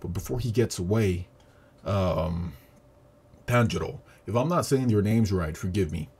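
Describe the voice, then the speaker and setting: A man giving a casual, profane, animated review of a movie he just saw. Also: low-pitched, measured pace, husky. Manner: profane, animated retelling with acted quotes. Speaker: video reviewer. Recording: audio static.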